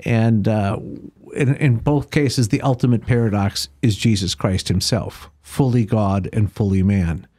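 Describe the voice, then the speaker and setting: A man, the guest of an interview, telling a long joke with animated character voices, then discussing philosophy. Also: lowish voice, measured pace, hardly any pauses. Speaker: guest author. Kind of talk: conversational interview, storytelling jokes.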